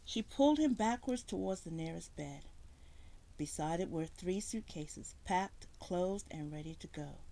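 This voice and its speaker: Expressive woman story reader. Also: fairly low pitch, measured pace, vocal fry. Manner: expressive narration with voiced characters. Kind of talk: dramatic story reading.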